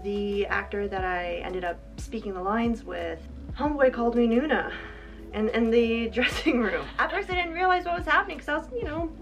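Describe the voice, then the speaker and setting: A woman telling a lively story as a guest in a casual chat, acting out quotes with laughs. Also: fairly high pitch, normal speed, soft background music, low-quality recording. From half American, half German. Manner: animated, acts out quotes, laughs often. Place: at home.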